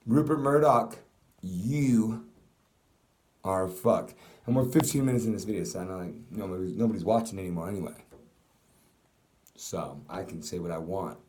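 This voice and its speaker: A man's voice: sits low, moderate pace, long pauses, a little mellow, slight background noise. A young man delivering an angry, profane political rant to camera, swearing constantly. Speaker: vlogger. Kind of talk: ranting political monologue.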